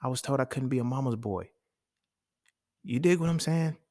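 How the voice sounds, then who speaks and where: A man's voice: mid-range voice, moderate pace, mellow, no echo, studio quality. A man talking casually and emphatically, with profanity and speech, hosting a solo podcast. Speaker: podcast host.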